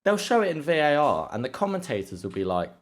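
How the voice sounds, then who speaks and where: A young man co-hosting a casual podcast chat, rambling, swearing freely and acting out quotes with sudden jumps in pitch. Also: very animated, fast talker. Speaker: podcast co-host.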